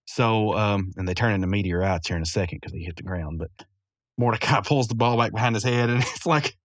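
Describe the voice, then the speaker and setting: A man's voice: on the low side, brisk, dry recording, studio quality. Rambling, chuckling man recapping. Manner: rambling, chuckling, many fillers. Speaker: podcast host. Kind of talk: casual episode recap.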